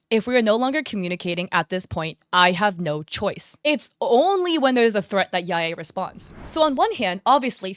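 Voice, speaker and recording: A woman's voice: mid-range voice, fairly bright tone, dry recording. Chatty young woman recapping drama, dry sound. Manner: chatty, wry, reads out messages and recaps events. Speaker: commentary channel host. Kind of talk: casual storytelling commentary.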